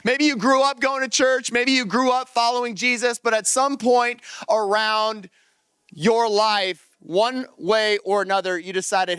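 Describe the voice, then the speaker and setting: A pastor preaching a lively sermon to his congregation, reading scripture aloud and acting out the story. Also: extremely high pitch, measured pace, clean tone, no echo. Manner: animated, energetic preaching to a congregation. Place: church service.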